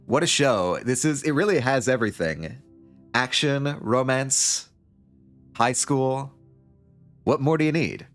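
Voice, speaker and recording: A man's voice: medium pitch, expressive, a little slow, pauses often, faint music behind. A man streaming a story game, reading its text aloud with playful asides.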